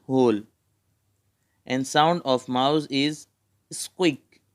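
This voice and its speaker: A man with an Indian English accent teaches a spelling lesson to young children. He speaks very slowly and deliberately, naming each letter in turn. His voice is smooth and clear. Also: fairly high pitch.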